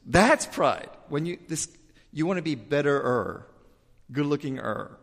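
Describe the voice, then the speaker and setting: A male pastor preaching a sermon in a church, talking in an animated, emphatic way and sometimes repeating words in a rush. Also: fairly high pitch, a little slow, creaky, big-room sound. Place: church sanctuary with pews.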